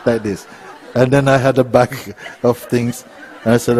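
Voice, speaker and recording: A man speaking as a spiritual teacher to a live audience, telling a gentle story with frequent chuckles. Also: medium pitch, fairly even intonation, slow, long pauses, background noise. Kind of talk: relaxed satsang talk.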